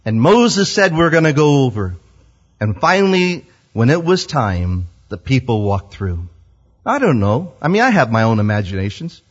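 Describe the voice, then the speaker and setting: Male preacher, husky and lively, dull lo-fi recording. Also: mid-range voice, moderate pace. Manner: animated storytelling, acts out quotes. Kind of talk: sermon. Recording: dull lo-fi sound.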